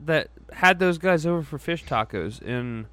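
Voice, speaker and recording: A man's voice: a little high, expressive, normal speed, pushed and bright, clear, resonant tone. A male podcast host in casual, profane chat who laughs often. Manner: crude, laughs often, swears freely.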